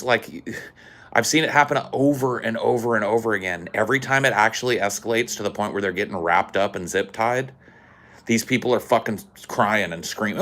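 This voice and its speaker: A man on a podcast ranting angrily and sarcastically, swearing constantly and getting louder and more heated. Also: on the low side, brisk. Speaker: podcast co-host. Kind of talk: profane podcast rant.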